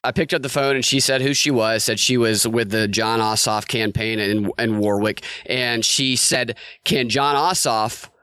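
A man's voice: on the low side, fairly even intonation, normal speed, few pauses, sharp tone, clean tone, dry recording. A man co-hosting a casual political podcast, a wry storyteller. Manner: wry storyteller acting out a phone call. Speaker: podcast co-host.

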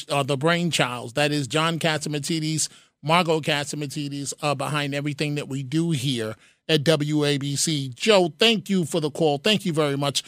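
A man's voice: a little high, fairly bright tone, no echo, studio quality. A man hosting a talk radio call-in show, earnest, often repeating his phrases and taking calls. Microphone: studio mic.

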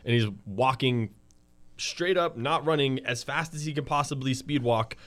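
A man's voice: medium pitch, moderate pace, a bit bright. A man co-hosting a podcast in casual chat, laid-back, teasing and profane. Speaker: podcast co-host.

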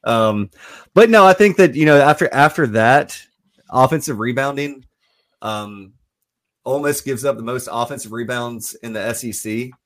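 A man on a sports talk show giving a steady, analytical breakdown of a game. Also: mid-range voice, normal speed.

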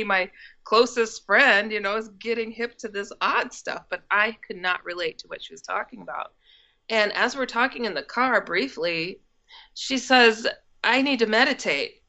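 Woman from the states telling a story, bright voice, acts out what people said, kinda muffled lo-fi sound. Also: medium pitch, moderate pace. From United States, Milwaukee. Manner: animated, acts out quoted dialogue, laughs through the telling. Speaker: guest. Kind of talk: casual first-person storytelling. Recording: dull lo-fi audio.

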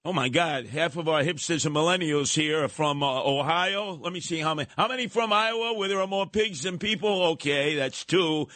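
A man's voice: a little high, moderate pace, hardly any pauses, sharp tone, dry recording. A man hosting a political talk radio show, combative and mocking. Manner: combative, mocking, uses nicknames.

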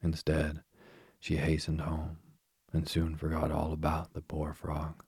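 Deep, husky bedtime storyteller man. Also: completely flat delivery, no echo, clean studio sound. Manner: slow, soft-spoken, soothing.

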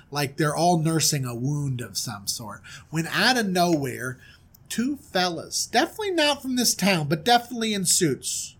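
A man's voice: fairly high pitch, slightly rough. A man narrating a comic story in a casual, wry, conversational way.

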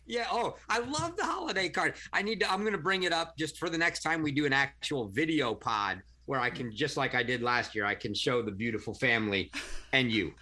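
A man's voice: mid-range voice, lively intonation, fairly quick, bright, forceful tone. A man co-hosting a podcast, trading dry teasing banter in casual chat. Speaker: podcast co-host.

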